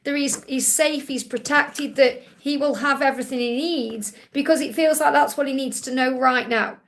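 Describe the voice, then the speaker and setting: A woman's voice: high-pitched, steady tone, normal speed. A woman with a Stoke-on-Trent accent giving a live-stream card reading, soothing and reassuring, calling her viewers honey. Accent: Stoke-on-Trent English. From England. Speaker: psychic reader.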